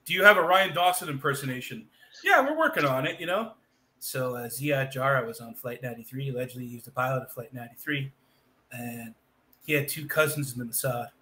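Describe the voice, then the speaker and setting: A man's voice: mid-range voice, animated, fairly quick, sharp tone, slight background noise. A man from Boston co-hosting a casual podcast, talking in long, rambling stretches full of fillers and restarts. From Boston, USA. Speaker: podcast co-host.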